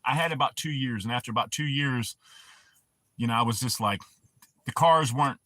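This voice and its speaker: A man's voice: mid-range voice, fairly quick, sharp tone, no echo. A man hosting a livestream, telling profane, rambling stories in casual talk and answering his chat. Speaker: livestream host.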